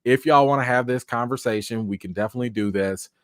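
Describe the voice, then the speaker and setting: Male live-chat host, mid-pitched, animated and chatty, voice tiring, dry close-miked sound. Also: quick pace, dry recording. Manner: animated, chatty, thanks viewers by name. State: tired, voice wearing out. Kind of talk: casual live chat reading comments.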